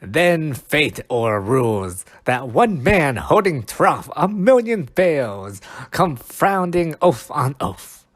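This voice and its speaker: A man's voice: a little high, very animated, voice pushed up, full character voice. A man reading a stumbling fairy sprite. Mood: slow reading. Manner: slow, careful, stumbling over old words. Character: mischievous male fairy sprite, read stiffly. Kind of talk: halting cold reading of verse.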